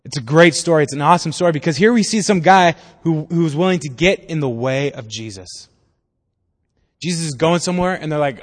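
A man's voice: fairly high pitch, fairly quick, long reverb tail. A man pastor giving a casual, conversational sermon in a church. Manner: casual, conversational preaching with acted-out voices.

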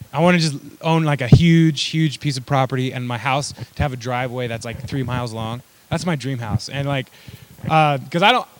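A man's voice: medium pitch, no echo. A young man preaching a sermon in a casual, conversational way, full of fillers and joking asides. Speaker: pastor.

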